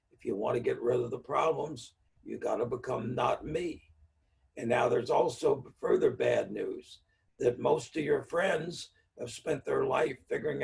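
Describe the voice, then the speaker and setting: A man's voice: mid-range voice, gravelly, darkish tone, recorded from a distance. A man giving a speaker-series talk on NLP, explaining in a plainspoken teaching manner with everyday examples.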